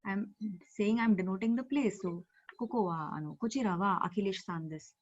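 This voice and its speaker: A woman's voice: mid-range voice, a little fast. A woman teaching an online language class, explaining patiently with many fillers over a video call. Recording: dull, muffled video-call audio.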